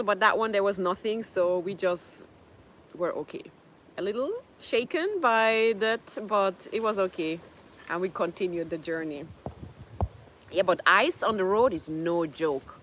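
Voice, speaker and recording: A livestream host at home in Jamaica reads viewer comments in a casual chat, laughing often and shifting into French. Her mid-range voice moves at normal speed, sounds a bit bright, and carries a slight hiss or hum.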